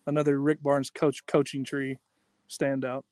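A man's voice: medium pitch, completely flat delivery, measured pace, darkish tone, no room sound. A male podcast co-host in a casual sports chat, brief and repetitive, coming through glitchy, robotic-sounding call audio. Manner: brief, agreeing, repeats himself. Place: away from home on weak Wi-Fi.

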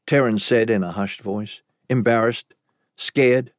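A man narrating a story in the first person with dramatic, expressive delivery. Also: on the low side, normal speed, no echo. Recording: dry close recording.

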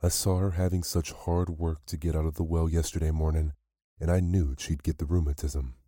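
A man voicing a shamefaced, trembling village man who speaks in a halting, earnest way. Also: extremely low pitch, level tone, mellow, dry recording, studio quality.

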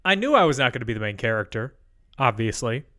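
A man co-hosting a podcast over a remote call, telling rambling stories with deadpan asides. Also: mid-range voice, fast. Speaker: podcast co-host. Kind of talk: casual chat. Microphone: remote call mic.

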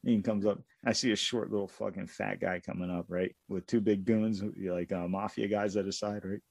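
A man co-hosting a casual podcast, telling profane, animated stories from his youth. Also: lowish voice, moderate pace, vocal fry, dry recording. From Pittsburgh area. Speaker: podcast co-host. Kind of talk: casual storytelling chat.

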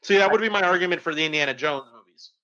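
A man's voice: sits high, very fast, sharp tone, lo-fi sound. A man co-hosting a casual chat, raising questions in a methodical way. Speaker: podcast co-host.

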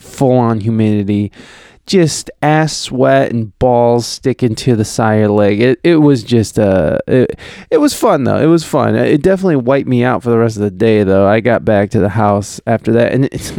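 Male podcast host, casual and crude, smooth clear voice, dry close sound, reads news with side comments. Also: medium pitch, dark tone, no echo. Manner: rambling, crude, with many fillers and restarts. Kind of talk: casual chat, reading news aloud.

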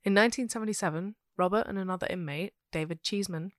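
A woman with a London accent, co-hosting a podcast and telling a true crime case in a steady, matter-of-fact way with dry asides. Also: mid-range voice, quick pace, dry recording. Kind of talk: casual chat reading out researched notes.

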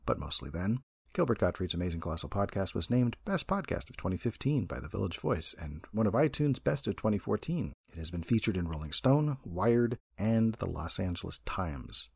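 A man's voice: lowish voice, sing-song, normal speed, vocal fry, a little mellow, breathy edge, no room sound. A man hosting a podcast, reading an episode description aloud with small fillers. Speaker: podcast host.

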